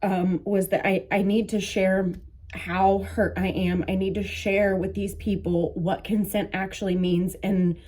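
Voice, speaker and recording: Emotional woman, halting personal monologue. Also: medium pitch, flat delivery, a little mellow. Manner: halting, emotional, many restarts and fillers. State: emotional, near tears. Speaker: vlogger, coaching.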